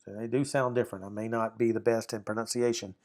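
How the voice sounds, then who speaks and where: Man slowly drilling Hebrew syllables. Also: lowish voice, steady tone, darkish tone. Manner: slow careful drilling of syllables, repeats sounds and checks "right? okay?". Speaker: Bible Hebrew teacher. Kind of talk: recorded grammar lesson.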